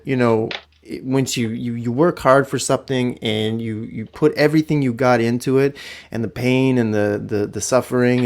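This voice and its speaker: A man hosting a casual sports podcast, animated and sometimes sing-song, talking into a podcast mic at home. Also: medium pitch. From Canada. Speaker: podcast host.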